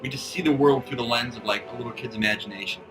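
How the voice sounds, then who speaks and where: A man's voice: medium pitch, fast talker, over music, rough recording. A young man in his twenties, a student filmmaker describing the project loosely with many fillers. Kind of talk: documentary interview.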